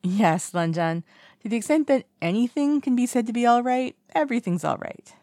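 A woman plays a drunk young man in an audiobook, clingy and teasing. He speaks up higher and louder than the narration, with a gravelly edge. The sound is dry and close. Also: lively intonation, moderate pace, no echo. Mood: drunk playful. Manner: bubbly, teasing, sing-song calls of a name. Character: tipsy, playful young man, boisterous and clingy. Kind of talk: audiobook character voice.

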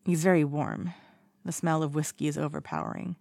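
A woman narrates fiction in a calm, even audiobook reading. Her voice is low with a gravelly texture, and the sound is dry and close. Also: fairly quick, no echo.

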